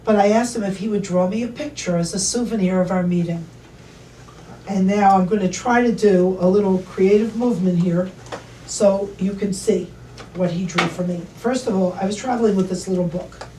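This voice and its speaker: A woman telling a travel anecdote to an audience in a lively, chatty way. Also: medium pitch, normal speed, far from the mic, a little hiss or hum. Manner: animated, chatty anecdotal storytelling. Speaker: travel expert speaker. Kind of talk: casual storytelling to an audience. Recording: echoey room, voice from off mic, faint ambience.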